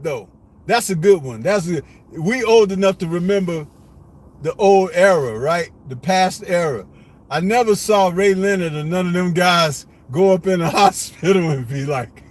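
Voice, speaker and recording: A middle-aged man hosting a live stream, chatting casually, laughing often and swearing a lot as he rides in a vehicle. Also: high voice. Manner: laughs often, slangy and profane.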